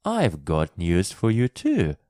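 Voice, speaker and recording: A man's voice: deep voice, wildly swooping pitch, slow pace, warm tone, no room sound, clean studio sound, full character voice. A man doing a chatty young maid. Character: friendly young housemaid, chatty. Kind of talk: storybook reading for English learners.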